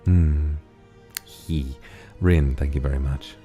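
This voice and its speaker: A man's voice: very deep voice, fairly even intonation, slow pace, warm tone, faint music behind. A man streaming casually, rambling about ideas and thanking donors one by one. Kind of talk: casual stream chat reading donations.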